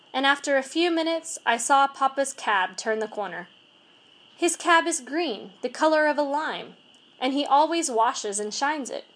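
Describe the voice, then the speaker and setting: High, lively woman reading a storybook. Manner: expressive, measured read-aloud. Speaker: reader. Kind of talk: storybook narration.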